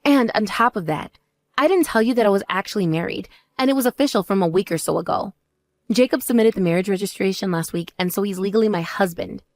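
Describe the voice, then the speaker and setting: A woman voicing a composed older sister who speaks in a calm, measured and cutting way. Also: no room sound, studio quality, natural voice. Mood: cool. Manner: measured, calm, lower and drier.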